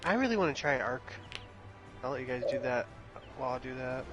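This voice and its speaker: A man's voice: medium pitch, lively intonation, fairly quick, highs cut off, music in the background. A man in casual voice chat with gaming friends, teasing and joking. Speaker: gamer chatting with friends.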